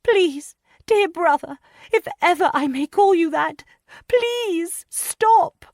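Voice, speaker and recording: A woman voicing a hysterical, weeping young noblewoman in an audiobook, shrill and pleading. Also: lively intonation, slow, darkish tone, no room sound, studio quality, exaggerated voice.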